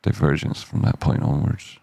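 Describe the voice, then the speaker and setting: A man's voice: moderate pace, mellow, no room sound. A man hosting a casual live stock chart analysis, rambling and jokey, cutting himself off mid-sentence. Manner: rambling, self-interrupting, jokey asides.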